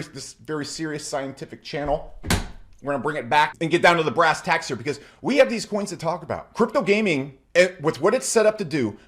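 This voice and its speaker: A middle-aged man, a crypto YouTuber, ranting to camera in a comedic, mock-humble, boastful way, swearing and laughing at his own jokes. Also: a little high.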